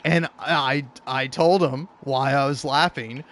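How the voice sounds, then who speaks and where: Young male streamer with a somewhat high voice, chatting in a loose, profane, laughing way. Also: unhurried, hardly any pauses. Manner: rambling, profane, laughs often. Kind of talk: casual storytelling while gaming.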